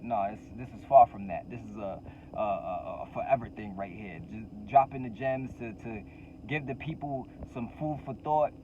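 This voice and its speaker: A man's voice: mid-range voice, dark tone, dull audio, a little hiss or hum. A man hosting his own channel, giving a motivational talk to the camera with fervent repetition of key phrases and casual slang. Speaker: entrepreneur coach and channel host.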